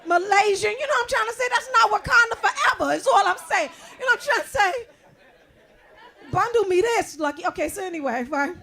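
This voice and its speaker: A woman performing stand-up comedy with a very high voice and a gravelly edge. She talks brashly and conversationally, punching up the lines. Her voice is picked up by a live club microphone. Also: expressive, fairly quick, bright, forceful tone, a faint crowd.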